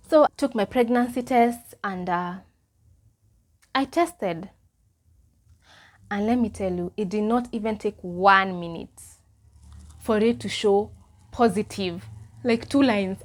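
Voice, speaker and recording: Kenyan woman in animated storytime. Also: mid-range voice, moderate pace. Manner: animated, mixes in Swahili phrases. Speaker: vlogger. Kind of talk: casual storytime.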